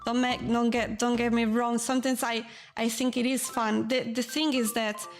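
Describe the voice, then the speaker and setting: A woman from Switzerland chatting casually on a live stream, rambling and animated, frank and sometimes swearing. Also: on the high side, normal speed, faint music behind.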